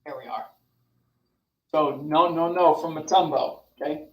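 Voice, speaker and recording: A young adult man coaching a group over a video call, animated and demonstrative, talking straight to his listeners. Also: on the high side, moderate pace, reverberant, distant mic, poor audio. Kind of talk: motivational online session.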